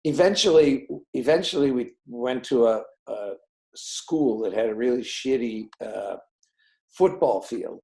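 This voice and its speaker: A film director being interviewed, telling behind-the-scenes stories and acting out the dialogue of the people in them. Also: male voice, medium pitch, measured pace, gravelly, rough recording. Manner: animated, acts out dialogue in quoted voices. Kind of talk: anecdotal storytelling in an interview.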